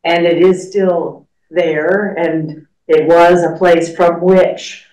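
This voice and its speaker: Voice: medium pitch, steady tone, slow pace, a little mellow. Church study teacher, conversational, filler-heavy, echoey room, distant mic. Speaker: class leader. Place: church classroom.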